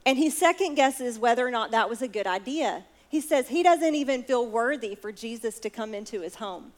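A woman preaching a sermon, retelling a story and asking her listeners direct questions. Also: fairly high pitch.

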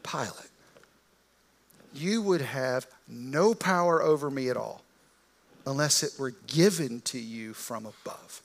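A man voicing a calm, commanding religious teacher in a sermon, speaking with bold emphasis in slangy modern phrasing. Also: medium pitch, takes it slowly, pauses often. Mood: solemn.

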